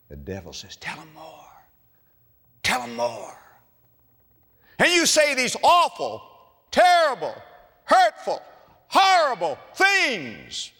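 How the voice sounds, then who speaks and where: An older man preaching a sermon as pastor, swinging from hushed murmurs to loud emphatic lines. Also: fairly high pitch, long reverb tail. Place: church sanctuary.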